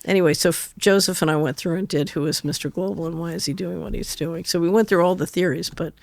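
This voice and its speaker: A woman's voice: fairly low pitch, steady tone, quick pace, gravelly, no echo. An older woman, a guest on an interview show, telling anecdotes in a chatty way and laughing through her stories. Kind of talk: conversational storytelling interview.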